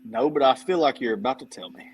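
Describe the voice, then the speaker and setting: A man's voice: mid-range voice, fast. Easygoing man chatting as a guest. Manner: easygoing, quotes customers in lively voices. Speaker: guest, dent repair tech. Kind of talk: casual podcast chat.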